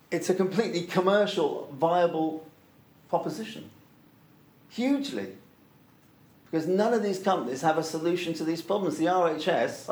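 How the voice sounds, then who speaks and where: A man's voice: on the high side, darkish tone, reverberant. A man telling stories emphatically in a conversation, repeating key points for stress. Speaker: interviewee, organic soil product promoter. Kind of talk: anecdotal storytelling in conversation.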